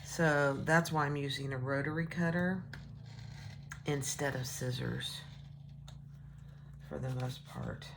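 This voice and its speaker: A woman with a low voice talks through a sewing project at an unhurried pace, relaxed and chatty, thinking aloud as she goes. A faint hum of noise sits behind her. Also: creaky. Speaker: sewing instructor. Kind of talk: casual sewing tutorial.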